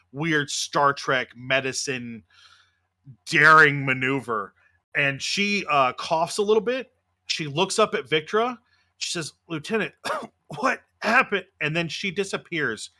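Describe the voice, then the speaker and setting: Guy running a tabletop game, casual, lots of ums, bright voice, a bit high. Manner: casual, many fillers. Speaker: game master.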